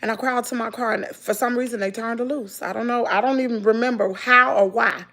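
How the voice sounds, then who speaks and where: Speaking fast in a slightly high voice, this middle-aged Southern woman from Mississippi shares an emotional story from her own life with her vlog audience. She's direct and animated, stressing her points and addressing people as "girl" and "y'all."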